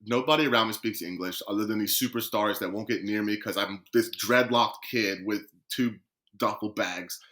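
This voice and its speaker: A man, a guest footballer on a podcast, telling his story in a lively way and acting out what other people said. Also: lowish voice, normal speed. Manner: lively storyteller who acts out quoted dialogue.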